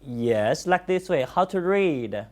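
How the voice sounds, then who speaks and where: In a classroom full of students, a Chinese language teacher who is a native speaker conducts the lesson in English. Speaking at a medium pitch, the teacher goes slowly, encourages constantly, and repeats praise again and again.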